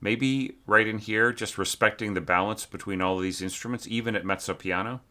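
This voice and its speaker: A fairly low-pitched man, his voice pushed and bright, offers a casual critique of a score while teaching orchestration. He talks hesitantly amid lots of fillers and sings phrases as demonstrations.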